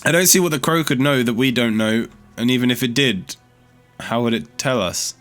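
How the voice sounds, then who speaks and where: A man's voice: medium pitch, normal speed, a bit bright, soft background music. A man giving casual gameplay commentary as a let's play host, chatty and thinking aloud as he explores, easily startled.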